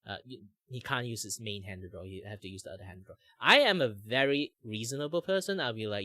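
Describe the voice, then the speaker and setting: Ein junger Mann mit malaysischem Akzent, der im lockeren Plauderton abschweift, oft „like“ einstreut und lebhaft Stimmen nachmacht. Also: male voice, fairly low pitch, quick pace, few pauses, dry recording, clean studio sound. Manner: rambling, many "like" fillers, animated impressions. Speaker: streamer host. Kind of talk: casual chat while drawing.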